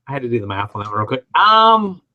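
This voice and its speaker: A middle-aged man from Alabama chats on a podcast panel, spinning rambling stories that poke fun at himself. His voice is medium in pitch and the audio sounds dull.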